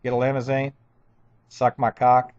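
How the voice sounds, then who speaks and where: A man's voice: medium pitch, completely flat delivery, moderate pace, darkish tone, no echo. Agitated rambling man, dull lo-fi sound. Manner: agitated, rambling, with frequent stammered restarts. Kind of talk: rambling personal monologue.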